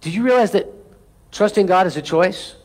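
High-voiced preaching man. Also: expressive, normal speed, a little mellow. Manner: preaching with call-and-response asides; reads scripture with rising intensity. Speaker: pastor. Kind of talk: sermon.

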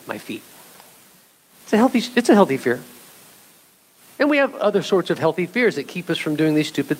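A male pastor preaching a sermon, animated and speaking directly to his congregation, sometimes acting out voices from the story. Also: fairly high pitch. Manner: animated, acts out voices of scripture figures; addresses congregation directly as church.

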